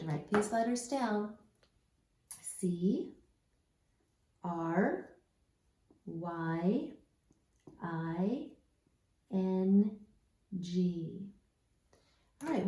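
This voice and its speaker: Woman, reading teacher; slow, patient phonics delivery, low and warm, echoey room. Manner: patient, spells letters one by one and models sounds. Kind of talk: slow, deliberate phonics lesson.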